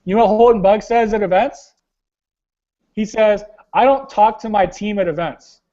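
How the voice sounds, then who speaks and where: Young male team leader, high-pitched, blunt and casual, hosting a webinar call; muffled lo-fi sound. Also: moderate pace, warm tone. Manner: blunt, casual, slangy, keeps saying "guys". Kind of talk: motivational coaching talk.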